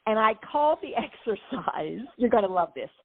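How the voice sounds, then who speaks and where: A middle-aged woman, a life coach, explaining her methods in a lively way with playful examples during an interview. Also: mid-range voice, normal speed, breathy edge, no room sound. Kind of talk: interview conversation. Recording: tinny phone-like line, dry.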